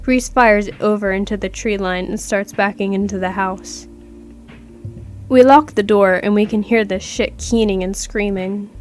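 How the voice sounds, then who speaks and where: A woman's voice: mid-range voice, fairly even intonation, moderate pace, soft background music. A woman narrating a first-person horror story aloud in a casual, conversational way, with plenty of swearing. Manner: casual, profane, conversational reading. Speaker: creepypasta narrator.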